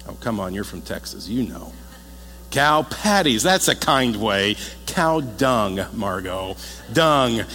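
A man preaching a sermon as a pastor, talking in a lively, conversational way and joking with the congregation. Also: fairly low pitch, takes it slowly. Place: church hall. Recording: echoey hall with faint mains hum.

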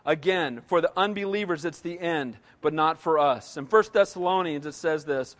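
A man's voice: a little high, normal speed, fairly bright tone. A man in his sixties preaching a sermon emphatically, often asking the congregation "Amen?". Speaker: pastor. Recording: long reverb of a large hall.

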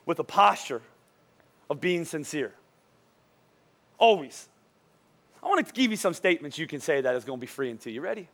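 A middle-aged male pastor preaching a lively, joking sermon in church, urging the congregation to repeat lines after him. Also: a little high. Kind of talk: lively sermon with call-and-response. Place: church service before a congregation.

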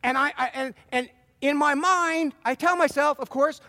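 High-voiced man preaching in a reverberant hall. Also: moderate pace. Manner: earnest, animated preaching with self-deprecating asides. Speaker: pastor. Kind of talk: sermon.

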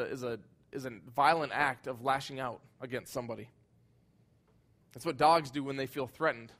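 A man preaching a sermon, earnest and emphatic, his voice swelling loud at high points and sinking soft and low at others. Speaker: pastor.

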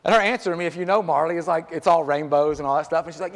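A man's voice: fairly high pitch, very fast, few pauses, long reverb tail. A man pastor preaching a sermon in a church, talking conversationally and piling up rhetorical questions. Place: church sanctuary.

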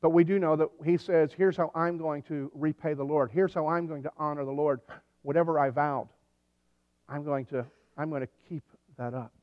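A man preaches a sermon in a relaxed, conversational way, slipping in dry jokes and telling stories with animation. His voice sits a little high for a man. The sound is dull and lo-fi, with a long reverb from a large hall. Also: moderate pace. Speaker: pastor.

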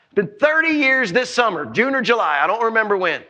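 High, bright-voiced preacher. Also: male voice, fairly quick, muffled recording. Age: 40s. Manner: animated, shouting in bursts, joking with the congregation. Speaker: pastor. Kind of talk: sermon.

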